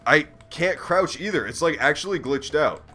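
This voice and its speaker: A man's voice: on the high side, expressive, normal speed, pushed and bright, breathy edge, soft background music. A man giving casual gameplay commentary on a stream, joking and swearing as he reacts aloud to the game. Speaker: let's play streamer.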